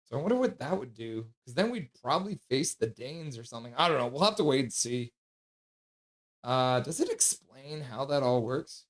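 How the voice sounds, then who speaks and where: A man's voice: mid-range voice, sing-song, normal speed. A man hosting a casual livestream, chatty and sassy, reading out donations and sleep-deprived. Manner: sassy, joking. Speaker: livestream host.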